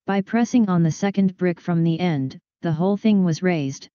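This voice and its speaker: Low, mellow woman narrating a story. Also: moderate pace, dry recording. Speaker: audiobook reader. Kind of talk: scripted narration of a detective story. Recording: dull lo-fi, dry recording.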